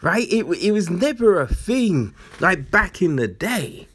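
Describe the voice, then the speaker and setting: A blunt, foul-mouthed commentator rants at an unhurried pace, leaning on slang and fillers. The pitch swings widely and expressively, and excuses get mocked in acted-out quotes. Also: very animated, husky. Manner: incredulous, mocks with acted-out quotes. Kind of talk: ranting commentary.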